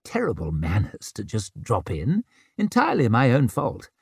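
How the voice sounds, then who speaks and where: A man's voice: medium pitch, huge pitch swings, moderate pace, vocal fry, a little mellow, breathy edge, dry recording, studio quality, exaggerated voice. A man voicing a wry, formally polite young prince with an ironic edge.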